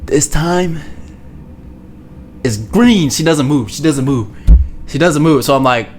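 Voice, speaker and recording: A young man telling a story from his own life as a streamer, rambling, slangy and repeating himself, sometimes dropping to a hushed low voice. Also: expressive, slow, a little hiss or hum. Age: young adult. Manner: drops to a hushed low voice for spicy parts. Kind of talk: casual storytelling.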